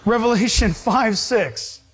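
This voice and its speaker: A man preaching a sermon to his congregation, emphatic and slowing down to stress his points. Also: high voice, slightly rough. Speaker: pastor.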